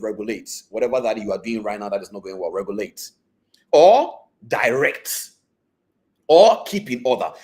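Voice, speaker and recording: A man's voice: on the high side, a little mellow. A trading mentor man teaching a live online class, repeating his key points and asking his listeners whether they are following.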